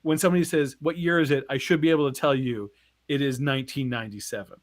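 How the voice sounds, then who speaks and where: This podcast co-host, a man in his forties, is a fast talker with a mid-range voice. During casual chat he tells a long personal story animatedly, swearing and acting out everyone's voices.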